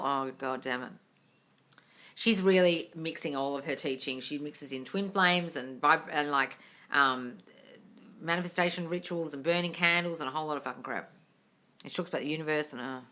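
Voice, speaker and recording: With a lowish voice and sharp tone, a woman runs a live stream of casual chat. She reads viewers' comments aloud, replies bluntly, swears freely and refers to viewers as darling.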